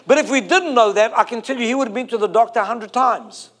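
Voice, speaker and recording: A preacher in his forties with a notably high-pitched voice. He delivers his sermon emphatically, repeating and drawing out his key phrases. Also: fast, fairly bright tone. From South Africa.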